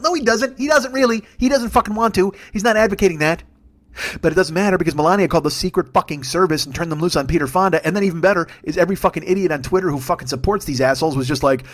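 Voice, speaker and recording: A man's voice: a little high, quick pace. A man, hosting a solo comedy podcast and ranting profanely and with exasperation, slipping into mocking impressions. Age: 40s. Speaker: podcast host.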